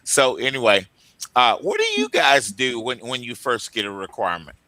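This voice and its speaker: A man's voice: mid-range voice, normal speed, sharp tone, no echo. A man from co-hosting a radio talk show on recruiting, joking and laughing often in casual chat.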